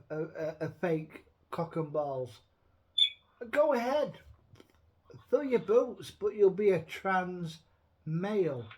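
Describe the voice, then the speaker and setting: High-voiced blunt man. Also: a little mellow. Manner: blunt, profane, rambling rant. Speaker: show host. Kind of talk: casual chat.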